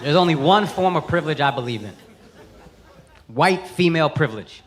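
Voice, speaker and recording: A man in his thirties doing stand-up comedy, loud, brash and profane, shouting his punchlines. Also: fairly high pitch, animated, a little fast, slight background noise. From United States. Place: large theater on stage. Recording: live stage recording with loud crowd laughter. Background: loud audience laughter.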